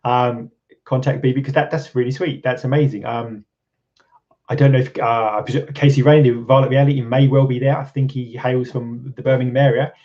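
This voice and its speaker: A man's voice: medium pitch, steady tone, brisk. English guy hosting a livestream, rambly, um-heavy, kinda dull lo-fi sound. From England. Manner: rambling, many ums and restarts, chuckles often. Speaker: channel host. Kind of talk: casual live-stream chat reading viewer comments.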